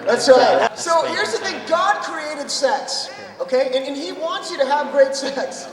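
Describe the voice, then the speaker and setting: A man's voice: very high voice, expressive, unhurried, crowd noise. A man speaking to a youth audience in a direct sermon, checking in with "okay?". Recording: distant mic in reverberant hall.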